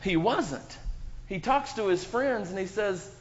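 Man, somewhat high voice, lively storytelling to kids; long church reverb, dull muffled sound. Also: a little slow. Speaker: children's story speaker. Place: church sanctuary.

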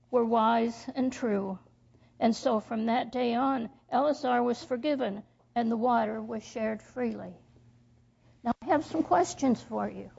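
Woman, children's storyteller, halting reading, very slow, lo-fi dull sound. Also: fairly high pitch, gravelly, a little mellow, breathy edge. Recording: dull lo-fi recording.

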